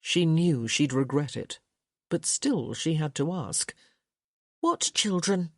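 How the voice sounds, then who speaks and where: A woman giving expressive scripted narration of a romance audiobook. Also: sits low, slow, no echo, clean studio sound. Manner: expressive storytelling.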